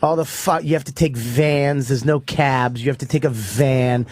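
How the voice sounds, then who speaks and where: A man's voice: medium pitch, moderate pace, a little mellow, a little hiss or hum. A man, a comedian, telling a profane ranting story in casual radio talk. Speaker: comedian guest.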